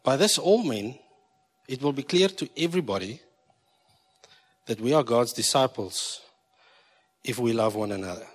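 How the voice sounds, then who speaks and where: This sermon comes from a South African pastor with an expressive, mid-range voice who speaks at a normal speed but pauses often. Joking with the congregation, he alternates between accented English and Afrikaans, recorded with long hall reverb in a church hall.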